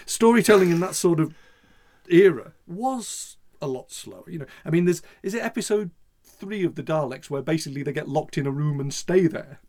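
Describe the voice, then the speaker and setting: A man's voice: fairly high pitch, expressive, fairly quick, darkish tone. A man co-hosting a podcast in casual chat, talking in a rambling way with many restarts and "you know"s. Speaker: podcast co-host.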